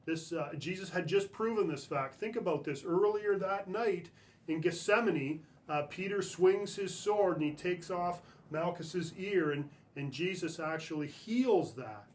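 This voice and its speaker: Male church speaker, higher pitch, reads scripture then explains it in a loose, chatty way. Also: unhurried. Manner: casual, checks in with "right?". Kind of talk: scripture reading and conversational sermon.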